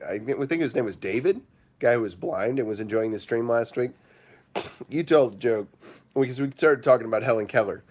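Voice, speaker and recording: Man, livestream host, casual chat, rambling, lots of fillers, mid-pitched voice. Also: darkish tone. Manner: rambling, with frequent fillers, breaks into laughter.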